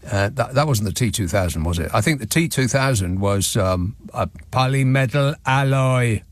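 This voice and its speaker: The host of a radio phone-in has a lowish, animated voice and talks fairly quickly. Reading listener messages, he stays dry and sardonic, chuckling wryly. The dry recording comes from a studio microphone in a radio studio.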